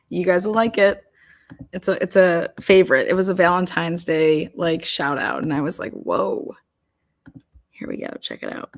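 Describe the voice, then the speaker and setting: A woman's voice: on the low side, moderate pace, pauses often. Laughing woman hosting a live stream. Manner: laughing, loose, swears casually. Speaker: host of a true crime live stream. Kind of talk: casual live stream chat.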